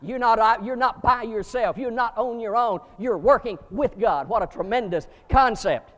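High-voiced preacher in a reverberant hall. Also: male voice, a bit bright. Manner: emphatic preaching with rising bursts and slow stresses. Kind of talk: sermon.

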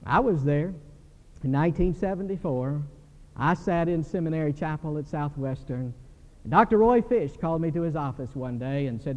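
An older man preaching a sermon in a church, animated and telling stories. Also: on the high side, normal speed. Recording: dull recording with long hall reverb.

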